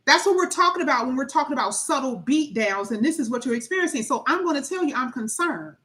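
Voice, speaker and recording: A high-voiced woman reads tarot for her viewers in an animated, emphatic way. She repeats her points for effect and slips into little acted-out voices of the people she talks about. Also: fast. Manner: animated, acts out quoted voices, emphatic repetition. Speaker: tarot reader. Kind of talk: tarot reading monologue.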